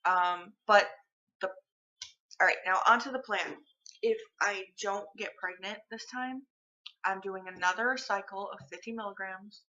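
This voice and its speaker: A woman's voice: mid-range voice, unhurried, pushed and bright, highs cut off. A young woman vlogging in casual chat to the camera, candid and rambling, with lots of fillers and restarts.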